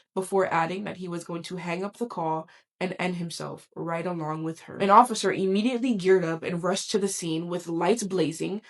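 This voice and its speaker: A woman narrating a true crime story in a slow, dramatic, measured way, her volume swelling and dropping. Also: fairly low pitch, fairly even intonation.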